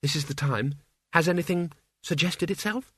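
A soft-spoken, composed young woman, put on by a male narrator, gentle and low in level. The tone is lifted and bright, dry and close to the ear. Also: very animated, quick pace, husky, no echo, full character voice. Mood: quiet. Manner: quiet, soft.

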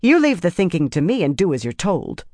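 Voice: mid-range voice, wildly swooping pitch, brisk, mellow, no echo. A narrator voicing a haughty woman who answers in cold, demanding tones, recorded in a dry booth. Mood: icy indignation. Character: haughty woman, icy and indignant.

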